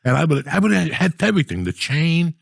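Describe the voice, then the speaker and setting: Man, 60s, gravelly and husky, profane comic storyteller who slips into mock-outraged rants; dry close mic. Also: on the high side, big pitch swings, fairly quick, no echo. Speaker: podcast guest storyteller. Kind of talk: casual comedic storytelling.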